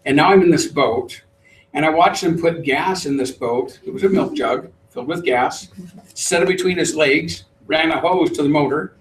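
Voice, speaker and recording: A middle-aged man, a trainer, telling a lively story to a live group and acting out the voices. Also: on the high side, slight background noise. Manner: animated storyteller, acts out voices. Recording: roomy, distant mic.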